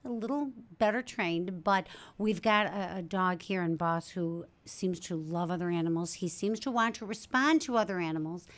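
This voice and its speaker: A woman's voice: lowish voice, normal speed, few pauses. Animal shelter spokeswoman, casual chatty guest, enthusiastic, restarts a lot. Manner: chatty, self-correcting, enthusiastic. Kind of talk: casual studio interview.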